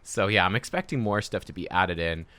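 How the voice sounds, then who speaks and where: A man's voice: deep voice, fairly quick, bright, forceful tone, clean tone, no room sound. A man giving chatty, upbeat gameplay commentary as host of a gaming video, laughing often.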